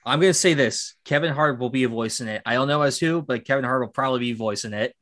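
A man's voice: medium pitch, fast, fairly bright tone, no room sound, studio quality. A man co-hosting a casual podcast, curious and easygoing. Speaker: podcast co-host.

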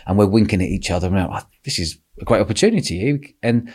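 A man hosting a podcast, telling a lively story with lots of laughter and quoted voices. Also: fairly low pitch, fast, slightly rough. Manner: animated, laughing, acts out quotes. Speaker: podcast host. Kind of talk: casual storytelling chat.

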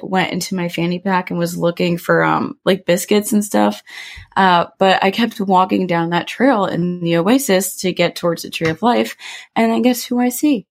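A woman with a fairly low voice is chatting casually as a podcast co-host. She tells her story in a loose, rambling way, full of ums and likes. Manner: chatty storytelling with many fillers. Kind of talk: casual chat.

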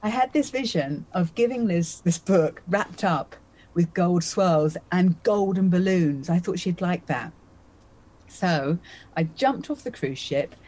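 A woman in her fifties, a magician appearing as a podcast guest, vividly tells a personal story in conversation and acts out her own thoughts along the way. Her voice is on the low side, expressive, a little slow and darkish, and the recording quality is low.

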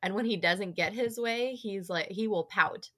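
A young woman with a bright, clear voice chats casually on a podcast she records from home. She talks in an easy, friendly way and drops into little voices when she tells stories about her dogs. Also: medium pitch, normal speed. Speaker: podcast host. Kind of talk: casual chat.

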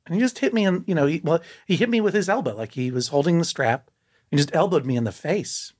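A man telling a personal story in casual conversation, lively and full of restarts, jumping up in pitch for emphasis. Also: fast, husky. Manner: animated, many restarts, jumps up in pitch for emphasis.

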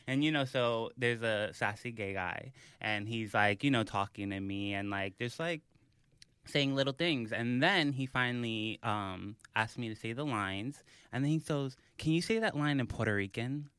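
A young man on a podcast, telling an animated story in casual chat, full of fillers. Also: medium pitch, unhurried, smooth, no room sound. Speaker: podcast host.

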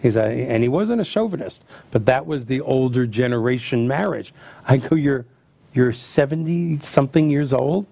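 A middle-aged man hosting a chat, telling family stories and acting out the quotes with lively energy. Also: medium pitch, normal speed, creaky, dry recording. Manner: animated storyteller acting out quotes. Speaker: host. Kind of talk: casual storytelling chat.

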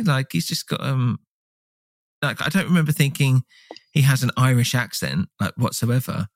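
A man co-hosting a casual film podcast, rambling and swearing with lively asides. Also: mid-range voice, a little fast, no echo. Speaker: podcast co-host.

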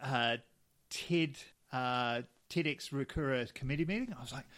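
A man's voice: mid-range voice, normal speed, fairly bright tone. A young man co-hosting a podcast in casual chat, telling rambling stories with frequent restarts and laughs. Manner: rambling, self-correcting storyteller who laughs often. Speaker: podcast co-host.

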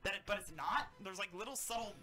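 A woman's voice: mid-range voice, fast talker. A woman co-hosting a casual podcast, crude and rambling, swearing freely as she talks. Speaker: co-host. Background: loud music.

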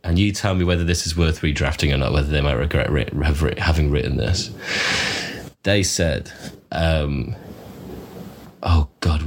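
Male comedian guest, low voice, playful and self-deprecating, faint noise behind. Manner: playful, self-mocking, laughs often. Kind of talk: casual podcast chat.

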